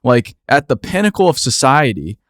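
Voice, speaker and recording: A man's voice: mid-range voice, big pitch swings, moderate pace, no echo, studio quality. A man hosting a podcast, talking in a blunt, candid way and swearing casually. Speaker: podcast host.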